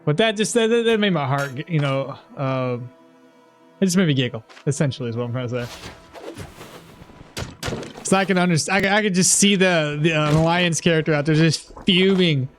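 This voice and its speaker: A man's voice: fairly high pitch, moderate pace, soft background music. A man streaming a game live, rambling and chuckling as he comments, swearing casually.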